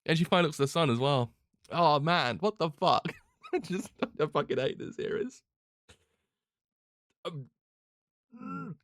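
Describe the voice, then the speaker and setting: A man's voice: on the high side, expressive, measured pace, long pauses, fairly bright tone, no echo, clean studio sound. A man reacting emotionally to a manga he reads, swearing often and laughing between lines.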